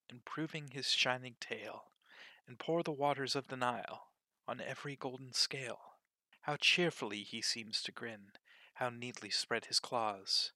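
A man's voice: medium pitch, bright, forceful tone, no echo. A man reading aloud, voicing a curious young girl who frets and wonders aloud to herself. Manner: wondering, fretful talking to herself.

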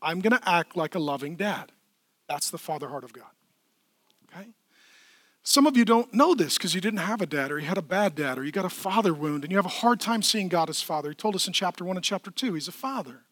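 A man preaching from the pulpit with a high, bright voice. He swings between loud, urgent pleading and hushed, gentle reassurance. The sound is dry and close. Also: expressive, brisk, dry recording. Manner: impassioned preaching, swinging from loud pleas to quiet tenderness. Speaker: pastor. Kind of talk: sermon. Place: church.

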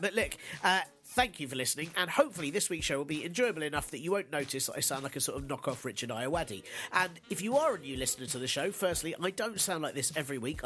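A man hosting a podcast, stuffed up and nasal from a cold, delivering sardonic news jokes and casual chat. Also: on the high side. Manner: sardonic, deadpan jokes with fillers. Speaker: podcast host.

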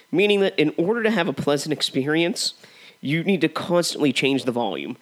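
A young man co-hosting a casual film review, with wry and sarcastic asides. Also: mid-range voice. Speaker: co-host of a movie review show.

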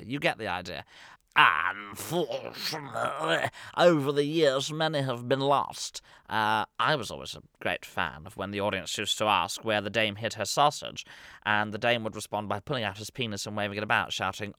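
A man's voice: fairly low pitch, normal speed, sharp tone, clean tone, no echo. A man hosting a comedy podcast, giving a scripted monologue in a dry, mock-serious voice with asides. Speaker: podcast host.

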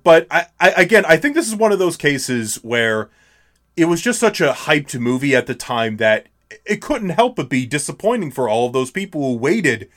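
A man's voice: medium pitch, fairly bright tone. A young man co-hosting a podcast, chatting casually and laughing often. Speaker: podcast co-host. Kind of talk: casual chat.

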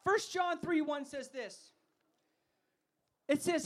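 A man giving a sermon as a festival speaker. He tells funny stories and has the audience shout words back to him. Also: very high voice, slow, pauses often. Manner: energetic, asks the crowd to call back; humorous storytelling.

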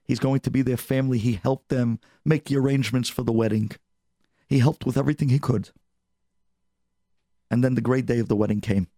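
A man telling an animated, expressive story on a radio show. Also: medium pitch, brisk, long pauses, no echo, clean studio sound.

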